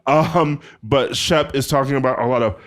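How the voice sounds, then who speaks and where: A man's voice: mid-range voice, normal speed. A man who is a podcast guest, chatting casually and gossiping with lots of fillers. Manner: animated, gossipy, lots of likes and ums. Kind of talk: casual chat.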